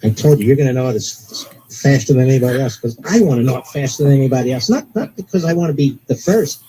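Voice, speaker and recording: A man hosting live talk radio, relaying a police scanner in an excitable, ranting manner. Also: medium pitch, fast, a little hiss or hum, low-quality recording. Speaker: radio talk show host.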